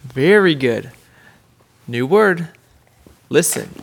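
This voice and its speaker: A woman in her thirties hosts a casual family podcast, gently quizzing and praising her young son like a teacher. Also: low-pitched, expressive, extremely slow, creaky. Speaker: podcast host and homeschooling mother.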